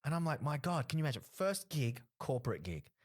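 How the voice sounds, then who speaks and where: A comedian chatting casually on a podcast, telling stories and acting out what other people said. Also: male voice, on the high side, fast. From Australia. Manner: animated storyteller acting out other people's lines. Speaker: comedian guest.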